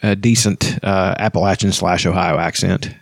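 A man's voice: sits low, fairly even intonation, normal speed, vocal fry, dry recording, studio quality. A man co-hosting a podcast, rambling casually with frequent restarts and swearing. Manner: rambling, profane, restarts sentences. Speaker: podcast co-host. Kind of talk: casual chat.

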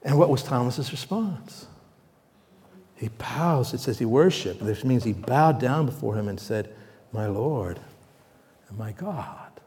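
A man's voice: mid-range voice, animated, unhurried. Man preaching in a reverberant hall. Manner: conversational preaching, asks the congregation questions, swells louder for emphasis. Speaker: pastor. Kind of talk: sermon.

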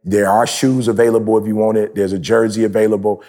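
A man in his thirties hosting a podcast, talking in an animated, preachy, slangy way. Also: fairly low pitch, fast. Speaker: podcast host. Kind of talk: casual podcast chat. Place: live event in Jamaica.

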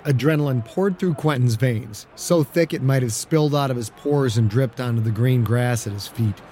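A male audiobook narrator with a mid-range voice, telling the story in a steady, dramatic way. A faint hiss sits under his reading. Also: mid-range voice, normal speed. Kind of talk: scripted narration.

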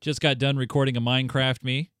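A man's voice: medium pitch, flat delivery, fast talker, a bit bright, smooth, no room sound, clean studio sound. A man hosting a casual podcast, upbeat and joking with his guests. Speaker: podcast host.

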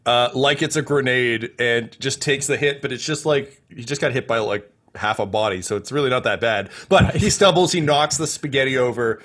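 Male game master, mid-pitched, casual rambling narration. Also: normal speed, few pauses. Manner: rambling, with frequent fillers and soft trailing-off.

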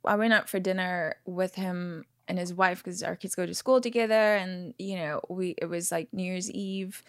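A woman's voice: fairly low pitch, fairly even intonation, normal speed, dry recording, studio quality. A woman in her forties from South Africa, with an American accent that slips toward South African, chatting as a podcast guest and laughing often. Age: 40s. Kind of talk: casual chat.

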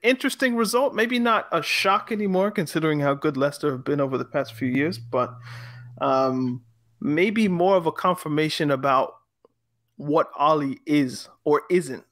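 A man hosting a casual football podcast, talking in a lively, jokey way. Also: fairly high pitch, moderate pace, dry recording. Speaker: podcast host.

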